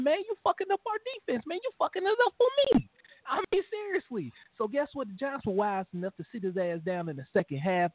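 A man co-hosting a casual sports talk show, loud and swaggering, trash-talking players with laughs. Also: high-pitched, no echo. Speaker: co-host, the player. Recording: dry, tinny phone-like sound.

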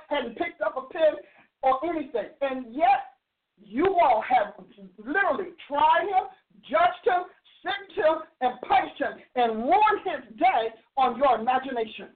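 A woman in her sixties telling a story and arguing emphatically, like a host preaching to her audience. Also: high voice. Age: 60s. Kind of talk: animated opinion talk. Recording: tinny phone-like sound.

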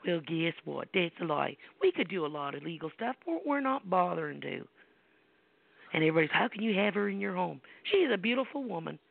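Creaky and fairly low, this middle-aged American woman speaks in an animated, slightly fast way through a dry, tinny phone line. As host of a call-in show and a psychic medium, she recounts personal stories bluntly, swearing a bit and asking rhetorical questions with emphasis.

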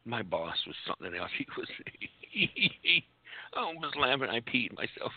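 Stammering man, gravelly and husky, lowish voice, phone-quality audio. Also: big pitch swings, normal speed, no room sound. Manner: stammering, repeats words. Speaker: guest wrestling character. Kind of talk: casual radio chat. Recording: phone-like narrow band.

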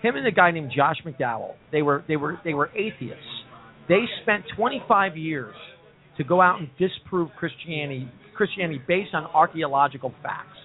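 A man's voice: on the high side, expressive, normal speed. A man hosting a casual talk show in a pub, talking earnestly and preachily and repeating himself. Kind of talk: casual bar-room talk show chat. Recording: tinny lo-fi phone-like sound.

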